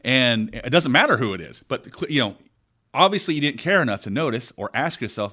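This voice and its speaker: Male podcast co-host, animated and emphatic, pitch that rises and falls widely, casual delivery. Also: a little fast. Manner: animated storytelling, rants with emphasis. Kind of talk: casual chat.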